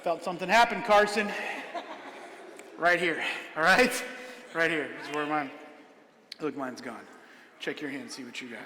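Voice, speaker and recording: A man's voice: very high voice, expressive, normal speed, pushed and bright, a faint crowd. A man performing a comedic magic show in a church hall, playfully joking with and coaxing a child volunteer. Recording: echoey hall.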